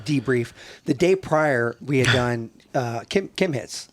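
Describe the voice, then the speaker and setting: A man's voice: medium pitch, lively intonation, a little slow. A man casually recounting a mission story, swearing and acting out the dialogue of others. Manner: profane, acts out radio and briefing dialogue.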